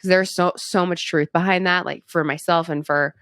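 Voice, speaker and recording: Low-voiced, chatty young woman. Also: steady tone, moderate pace, a bit bright, no echo, studio quality. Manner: chatty, upbeat, heavy use of "like" and "um". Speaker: guest. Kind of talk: casual interview. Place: cosmetic surgery clinic.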